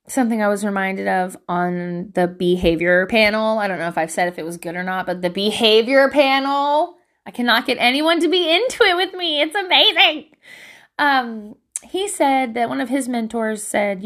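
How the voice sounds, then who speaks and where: A woman in her thirties chatting casually to camera at home, animated and swearing, acting out voices as she tells stories. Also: on the high side, normal speed. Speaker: vlogger giving life advice.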